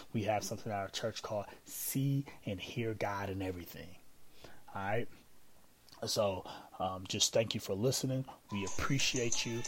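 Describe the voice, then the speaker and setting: A man's voice: lowish voice, a little hiss or hum, low-quality recording. A man hosting a casual teaching podcast on prayer, talking conversationally with many fillers and repeated phrases.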